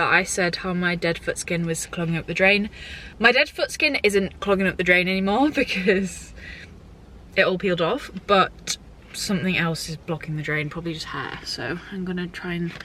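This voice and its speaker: A young British woman vlogs to her camera, chatting and rambling casually and using "like" and "genuinely" a lot. Her voice is medium-pitched and a bit bright, with slight background noise.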